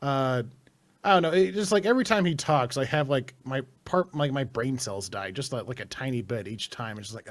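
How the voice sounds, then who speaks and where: A man's voice: medium pitch, fairly quick. A young man chatting casually on a podcast, rambling with many fillers, swearing and laughing often. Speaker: podcast co-host.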